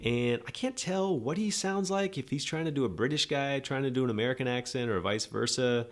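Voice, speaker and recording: A man's voice: mid-range voice, a little fast, slight background noise. A man hosting a podcast, giving a rambling, sarcastic, opinionated movie review in a casual monologue. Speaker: podcast host.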